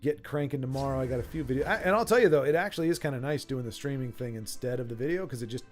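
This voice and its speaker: A man hosts a casual livestream chat, rambling as he reads viewer messages aloud. His medium-pitched voice is a little worn and very fast, with faint music in the background.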